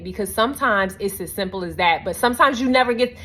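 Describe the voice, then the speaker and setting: A woman telling a personal story in a casual vlog, animated and earnest, with many "I'm like" asides and a reflective, faith-minded close. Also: medium pitch, brisk, hardly any pauses. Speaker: vlogger.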